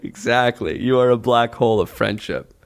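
A man's voice: mid-range voice, moderate pace, no room sound, clean studio sound. A man co-hosting a comedy podcast, chatting casually with frequent laughter and joking riffs. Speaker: podcast co-host.

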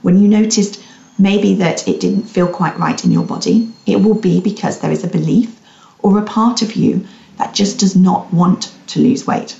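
A woman hosting a solo podcast, gently guiding listeners with reflective questions as a weight-loss coach. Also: medium pitch, normal speed, vocal fry. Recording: roomy, slightly dull recording.

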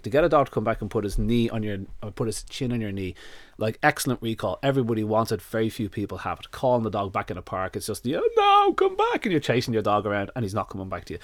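A man's voice: on the low side, no echo. An Irish man, a dog nutritionist, telling stories in a casual podcast chat, acting out little scenes in a blunt, earthy way. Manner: animated storyteller who acts out little scenes.

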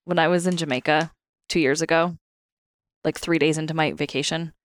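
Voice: mid-range voice, fairly even intonation, a little fast. A podcast host chatting casually and asking questions, adding short interjections. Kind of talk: podcast conversation.

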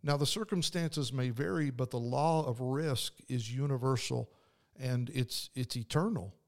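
A man's voice: mid-range voice, a little slow. A man hosting a faith podcast, speaking earnestly and conversationally with frequent restarts. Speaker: podcast host and preacher. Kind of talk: devotional podcast talk.

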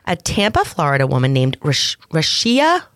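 A woman with a Massachusetts accent co-hosting a podcast, telling crime stories in playful, animated casual banter. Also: deep voice, moderate pace, no echo, clean studio sound. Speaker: podcast co-host.

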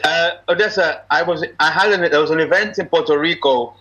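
A middle-aged actor, telling stories as a podcast guest in casual chat and slipping into pidgin. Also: male voice, a little high, fairly quick, lo-fi sound. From Nigeria. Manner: animated storyteller, slips into pidgin, chuckles often. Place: at home abroad, remote call.

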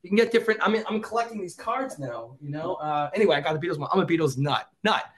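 A middle-aged man as a podcast guest, an excitable storyteller who acts out quotes in casual chat. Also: on the high side, fast talker. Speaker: podcast guest, former celebrity reporter.

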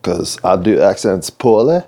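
A low, expressive, mellow voice belongs to a middle-aged American man who speaks without hurry. He hosts a video series of his own, musing earnestly to the camera while tossing in playful remarks.

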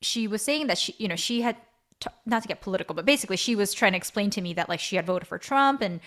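Earnest woman in animated conversation. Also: medium pitch, quick pace. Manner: earnest, pleading, animated storytelling. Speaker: co-host. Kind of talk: casual conversation.

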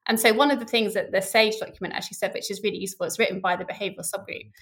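Middle-aged woman, expert guest; creaky, candid, animated delivery. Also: mid-range voice, very fast. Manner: candid, animated, laughs easily. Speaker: scientist guest. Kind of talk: casual explanatory conversation.

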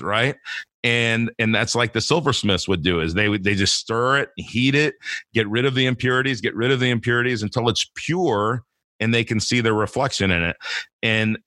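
A man's voice: fairly low pitch, pushed and bright, no room sound, clean studio sound. A man talking casually about faith as a podcast guest, rambling with many restarts and fillers.

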